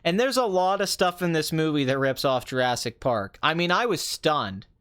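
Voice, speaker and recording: Young man, sarcastic, ranting, mocking asides, somewhat high voice, casual review talk. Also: expressive, moderate pace, fairly bright tone, clean tone. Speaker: movie review podcast host.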